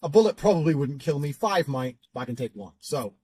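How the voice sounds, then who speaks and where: A man's voice: on the high side, lively intonation, brisk, warm tone, slightly rough. A man telling a story in a casual, profane and boastful way.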